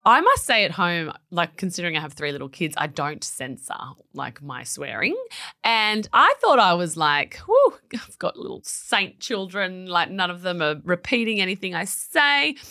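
A woman co-hosting a casual podcast chat, telling animated stories and acting out her kids' voices. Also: fairly low pitch, moderate pace. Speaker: podcast co-host.

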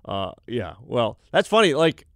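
A young man with a smooth, resonant voice hosts a sports talk show, reading out listener texts and riffing on them in a relaxed, chatty way. His voice is close and dry, with no room sound. His pitch sits in an ordinary middle range. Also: a little slow, dry recording. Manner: conversational, reads texts aloud then reacts. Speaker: sports radio host.

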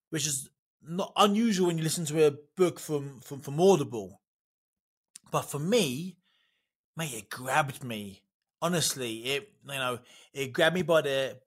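A man from Britain hosting a podcast, talking warmly and effusively with frequent restarts. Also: a little high. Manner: effusive, enthusiastic, many restarts. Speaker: podcast host. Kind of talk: casual interview chat. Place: living in America.

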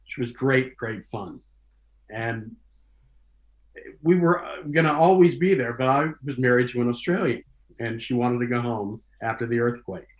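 A man telling stories from his career in a casual, animated way, acting out the voices of the people in his stories. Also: medium pitch, normal speed, echoey room. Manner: animated, acts out quoted dialogue in different voices. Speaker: guest recalling his career. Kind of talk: casual storytelling.

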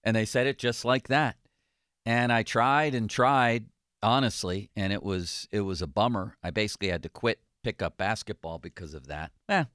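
A man hosting a sports radio talk show, chatting casually with jokes and reading ads in a relaxed, conversational way. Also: lowish voice, normal speed, no room sound, clean studio sound.

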